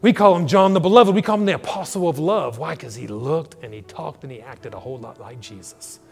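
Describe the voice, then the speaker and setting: A man's voice: fairly high pitch, fairly quick, vocal fry. A male pastor preaching a sermon, dramatically acting out scripture dialogue. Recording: long hall reverb with faint music.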